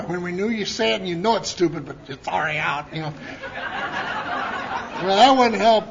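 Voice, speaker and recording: A high-voiced man tells stories at a conference in a folksy, rambling way, often restarting his sentences and putting on the voices of people he quotes. The recording is dull and lo-fi, with a faint hiss under his voice. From Montana. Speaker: conference speaker. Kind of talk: recovery talk storytelling. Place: conference hall. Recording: lo-fi conference tape.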